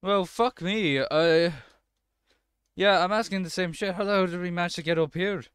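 A man's voice: sits high, normal speed, a bit bright, clean tone, no echo, studio quality. A man doing let's-play commentary, swearing and breaking into frustrated outbursts at the game.

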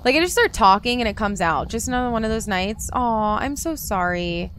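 A woman's voice: fairly high pitch, animated, fairly quick, fairly bright tone, slight background noise. A woman streaming a game, chatting casually and talking to her viewers by name. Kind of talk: casual live-stream chat while gaming.

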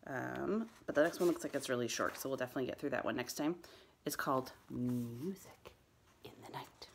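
Woman, school librarian reading a chapter book to students. Low, animated voice with a little fry. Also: brisk, slight background noise. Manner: lively read-aloud, raising her voice high for the children's lines.

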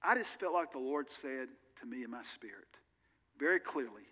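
With lively intonation at a moderate pace, a pastor's mid-range voice rings bright and forceful. He delivers his sermon earnestly and conversationally, slipping in candid personal asides, amid the long reverb of a large church hall.

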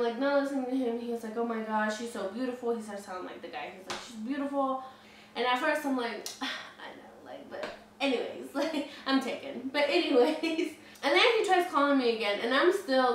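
A woman in her twenties telling a story casually, chatty, with lots of "like" and frequent swearing. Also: fairly high pitch. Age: 20s. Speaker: vlogger. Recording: very echoey room, mic at a distance, faint noise.

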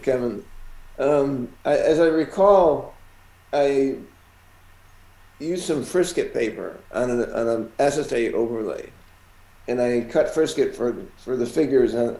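A man talking as a guest comic artist in a casual chat, recalling his methods in a measured, halting way. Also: mid-range voice, dark tone. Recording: echoey room.

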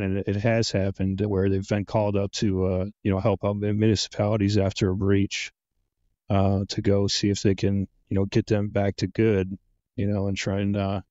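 Low, flat-voiced man with a muffled sound. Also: no room sound. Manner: laid-back, hesitant, many "uh" and "you know". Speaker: guest, penetration tester. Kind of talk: casual interview answers.

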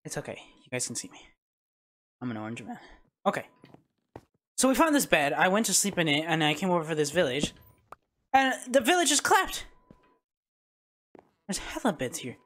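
A man giving casual let's-play commentary as a streamer, reacting loudly to the game at a home streaming mic. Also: on the high side, huge pitch swings, normal speed, pauses often. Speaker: gaming streamer.

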